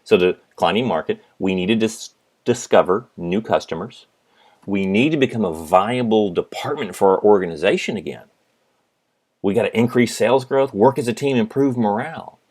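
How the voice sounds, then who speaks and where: A middle-aged man giving a business lecture as a professor, telling stories in an animated way and acting out the people in them. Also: on the low side, normal speed. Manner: animated storytelling, acts out his father. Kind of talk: recorded lecture.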